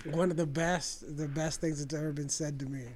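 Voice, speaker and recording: A man's voice: a little high, level tone, fairly quick, a little hiss or hum. A man telling rowdy stories in casual chat, cursing and laughing often. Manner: loud, profane storyteller who laughs a lot. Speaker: podcast guest.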